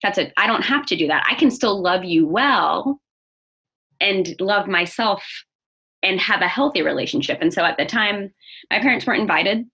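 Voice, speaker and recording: A woman's voice: medium pitch, expressive, moderate pace, pushed and bright, husky. A young adult woman speaking openly and earnestly as an interview guest, often restarting her sentences. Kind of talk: candid personal interview. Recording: dull lo-fi audio.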